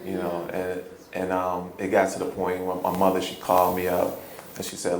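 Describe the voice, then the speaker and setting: Chicago man, deep gravelly voice, earnest halting storyteller, echoey room. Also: completely flat delivery, slight background noise. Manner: earnest, halting, repeats words, laughs often. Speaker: hip-hop poet guest. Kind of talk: personal storytelling interview. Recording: roomy echo, faint ambience.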